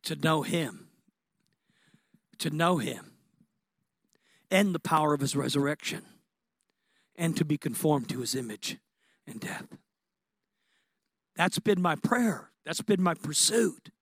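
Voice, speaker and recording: A man delivers a sermon in a high, carrying voice. He preaches with passion, swinging from excited, rising peaks to hushed reflection. The sound is dry and close, with no room around it. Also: slow, long pauses, no room sound. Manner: impassioned, building to excited peaks.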